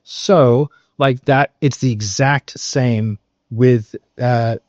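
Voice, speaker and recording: Lockerer Australier, der Verkauf erklärt, dumpfer Klang. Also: male voice, mid-range voice, fairly even intonation, very slow, a little mellow, no room sound. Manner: emphatic, loose, swears, many fillers and tag questions. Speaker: sales coach. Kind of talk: casual coaching talk. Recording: dull, slightly muffled recording.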